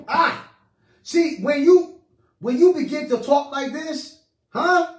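A man preaching a charismatic sermon with fervor, moving from shouts to hushed prayer. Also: very high voice, animated, slow, pauses often. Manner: fervent, swings between shouting and hushed prayer. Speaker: pastor. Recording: echoey room, mic at a distance.

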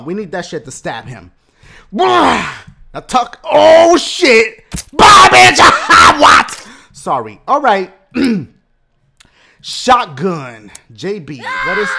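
A young man giving loud, hyper gameplay commentary, swearing and shouting often. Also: extremely high pitch, gravelly. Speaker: gaming YouTuber.

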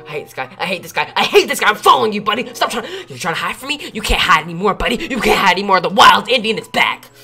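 A teenage boy with a high, bright voice and a gravelly edge. He rattles off trash talk quickly and bursts into rage-filled yelling while he plays a video game. Faint game music runs underneath. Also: lively intonation. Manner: trash-talking, raging and yelling. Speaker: gamer being pranked. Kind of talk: livestream gaming commentary.

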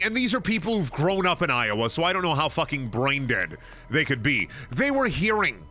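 Brief: exasperated male game streamer, high-pitched for a man, chatting over game music. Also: sharp tone. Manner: rambling, heavy swearing, exasperated. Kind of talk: casual stream chat.

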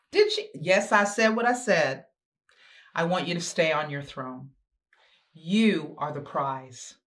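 A woman giving a motivational talk to teenage girls, with emphatic, repetitive exhortations and chatty, sassy asides. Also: lowish voice. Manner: emphatic, repetitive exhortation with sudden swings in pace. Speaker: guest speaker.

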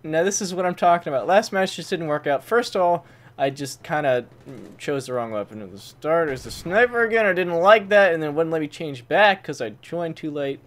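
Excitable man with lively pitch swings. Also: a little fast. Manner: excitable, swings into loud high-pitched laughing outbursts; swaps swears for mild words like fudge. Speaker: gaming channel host. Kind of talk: gameplay commentary. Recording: faint game noise behind. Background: gunfire from the game.

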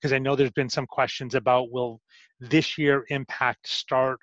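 A man chairing a school committee meeting over a video call, brisk and polite. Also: mid-range voice, little pitch movement, a bit bright, dry recording. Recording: dry, lo-fi call audio.

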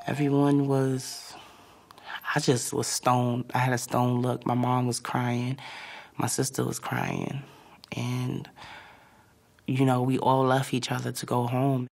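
A young woman giving a halting, reflective personal testimony for a documentary, often pausing on "like" and "you know.". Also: a bass voice, vocal fry. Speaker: interviewee.

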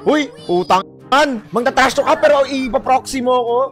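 A woman's voice: high voice, fairly quick. A woman streamer joking and trash-talking with friends while gaming. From Philippines. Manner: loud, joking trash talk, swears freely. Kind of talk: casual gaming chat with friends. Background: background music.

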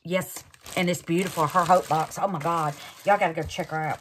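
A woman's voice: lowish voice, normal speed, a little hiss or hum. A woman hosting a craft channel, unboxing gifts in casual chat and gushing over them with terms like honey and baby.

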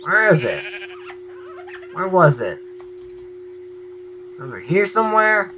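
A young man giving Let's Play commentary, shifting between quiet muttering and yelling at the game. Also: sits high, slow, background noise. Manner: excitable, yells at the game, then mutters quietly. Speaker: gaming channel host.

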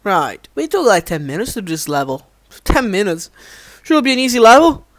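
A man giving let's play commentary, animated and easily exasperated, often addressing viewers as guys. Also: high voice, moderate pace, no room sound. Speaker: gameplay commentator.

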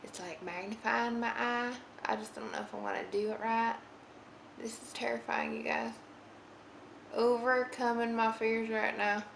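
In a roomy living room with faint ambience and a little background noise, a young woman, a beauty vlogger, chats casually through a makeup tutorial. Her voice is fairly high and fairly bright, with creak, fairly even intonation and a moderate pace. She rambles and giggles, saying "like" a lot.

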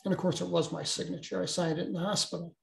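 An older man, a guest, recounting a personal experience in a halting way with many restarts. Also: sits high, steady tone, vocal fry, roomy sound.

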